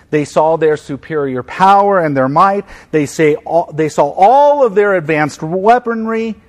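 Emphatic preacher, slightly high male voice. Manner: emphatic, repeats key phrases, swings from loud stress to quiet. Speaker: pastor. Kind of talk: sermon.

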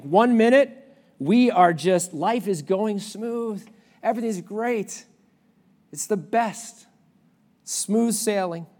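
A man preaching a sermon, asking the listeners questions and swinging between loud outbursts and hushed lines. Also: fairly high pitch. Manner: asks the audience questions. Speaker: pastor.

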